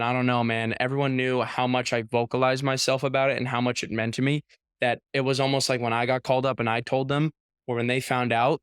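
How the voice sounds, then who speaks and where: Young male athlete guest, chatty and animated, smooth clear voice, dry close sound. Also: mid-range voice, no room sound. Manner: animated storyteller, heavy use of "like", acts out quotes. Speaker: professional baseball pitcher, guest. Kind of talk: casual storytelling interview.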